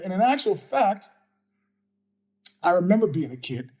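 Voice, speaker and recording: A man's voice: high voice, sing-song, normal speed, mellow, husky. Blunt, profane middle-aged male host. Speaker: podcast host. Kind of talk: casual monologue answering viewer questions.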